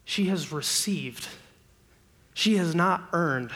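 A young man preaching a sermon to a student ministry, conversational and full of rhetorical questions, acting out everyday scenes with bursts of excitement. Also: a little high, slow pace.

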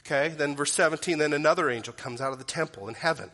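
A pastor preaches a sermon fast, earnestly and directly questioning the people before him. His slightly high voice rings bright and forceful, carrying the long reverb of a large church sanctuary.

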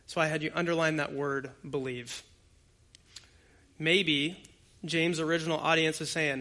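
A man's voice: fairly high pitch, fairly even intonation, measured pace, long pauses, bright, forceful tone. A male pastor preaching an expository sermon in a conversational, emphatic way and speaking directly to the congregation. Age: adult with young children.

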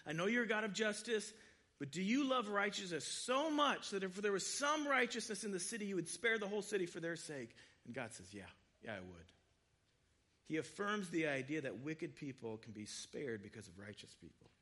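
A man's voice: high-pitched, big pitch swings, fairly quick, bright, forceful tone. A man preaching a sermon in a conversational way, acting out quoted voices. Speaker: pastor.

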